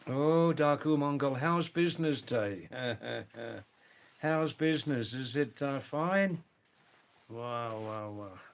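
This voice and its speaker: An older man hosts a relaxed live stream and talks at an unhurried, drawn-out pace. His voice is smooth and clear, and he greets each viewer by name. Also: mid-range voice. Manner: slow, chatty, greets viewers by name, often says wow.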